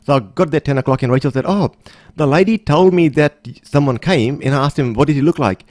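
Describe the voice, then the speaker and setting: Male interview guest, quick earnest talker, dry close sound. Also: a little high, darkish tone, no room sound. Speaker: guest, motivational speaker. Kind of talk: casual interview chat.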